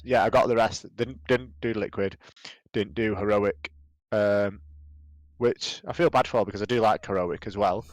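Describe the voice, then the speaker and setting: Young British male podcast co-host, relaxed storyteller, dry close mic. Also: fairly low pitch, moderate pace, no echo, poor audio. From Britain. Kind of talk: casual podcast chat.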